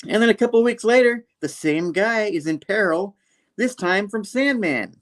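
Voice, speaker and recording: A man's voice: high-pitched, animated, moderate pace. A man co-hosting a casual comic book review, retelling the story animatedly and laughing often. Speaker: co-host.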